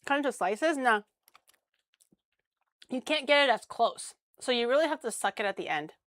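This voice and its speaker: A woman's voice: a little high, expressive, moderate pace, fairly bright tone, dry recording. A young woman streaming as she cooks, chatting casually with crude jokes and easy swearing. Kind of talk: casual cooking stream chat.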